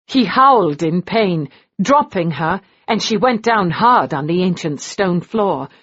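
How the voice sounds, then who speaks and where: Slow, husky-voiced woman narrator. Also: mid-range voice. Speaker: audiobook narrator. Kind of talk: audiobook narration. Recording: dull lo-fi audio.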